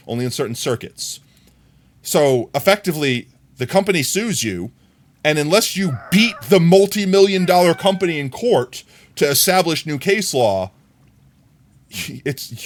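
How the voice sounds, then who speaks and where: A man streaming a game live, ranting and chatting with his viewers in a jokey, animated way. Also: fairly high pitch, slight background noise. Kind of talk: live gameplay commentary.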